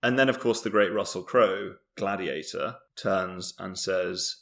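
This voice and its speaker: Young man from Britain, low pitch, bright tone, casual comedic podcast chat, rambling and self-mocking. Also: measured pace, gravelly. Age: young adult. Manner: rambling, self-mocking, with frequent ums and laughs. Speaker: podcast co-host.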